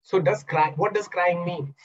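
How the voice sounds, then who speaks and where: A man's voice: high voice, measured pace, highs cut off. A man coaching in a webinar over a video call, explaining by asking questions and acting out examples. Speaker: NLP coach and trainer. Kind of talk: webinar talk.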